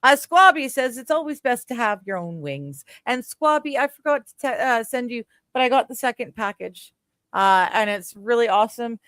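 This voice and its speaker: A woman's voice: fairly high pitch, animated, normal speed, fairly bright tone, dry recording, studio quality. A woman in her forties hosting a casual chat podcast, giggly and rambling, full of fillers and restarts. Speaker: podcast host.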